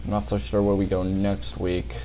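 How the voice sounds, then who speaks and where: A man's voice: deep voice, monotone, normal speed, dark tone, soft background music. A young man commentating a pretend race, out of breath and tired, rambling and tripping over names.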